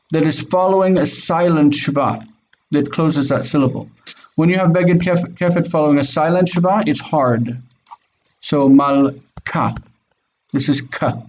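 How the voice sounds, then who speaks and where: A man's voice: a little high, a little mellow. A man teaching Hebrew in an online class, patiently explaining and affirming students with frequent "mm-hmm"s. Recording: dull lo-fi audio with faint noise.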